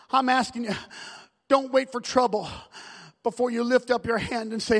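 A male pastor preaching a fervent sermon, repeating phrases and building up to shouts. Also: very high-pitched, fairly even intonation, moderate pace, long reverb tail.

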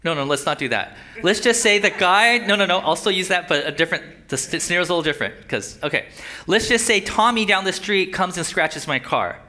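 A man delivers a sermon in a fairly high voice. His tone is bright and tense. He speaks conversationally and keeps checking in with his listeners. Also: animated, brisk. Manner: conversational, checks in with rhetorical questions. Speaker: pastor.

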